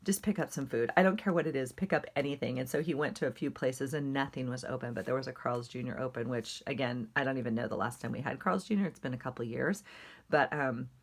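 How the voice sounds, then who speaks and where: A woman's voice: a bass voice, fast talker. A middle-aged woman chatting casually and rambling through a journal flip-through, with plenty of fillers. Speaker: journaling vlogger.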